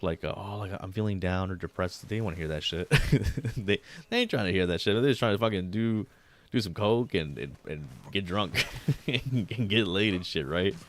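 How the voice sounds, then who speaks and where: Low-voiced and a bit bright, a thirty-something man keeps up loose, rambling chatter while gaming on stream. He's laid-back, curses a lot, and sprinkles Spanish words into his talk.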